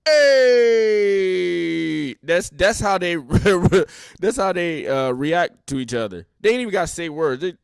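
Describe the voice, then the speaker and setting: A man's voice: fairly high pitch, animated, normal speed, no echo, clean studio sound. A man hosting a podcast in casual, mocking comedic commentary with laughing asides. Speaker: podcast host.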